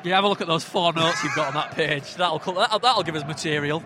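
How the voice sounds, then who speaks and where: A man's voice: fairly high pitch, quick pace, noisy background. A man co-hosting a podcast, bantering and teasing his co-host in casual chat. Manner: joking, teasing.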